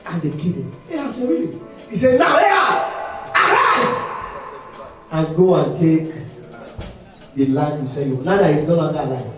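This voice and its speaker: A man preaching a sermon as pastor, emphatic, breaking into shouts and sung phrases, recorded in a church hall during a live service. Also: on the high side, expressive, fairly quick. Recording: echoey hall, distant mic, faint music.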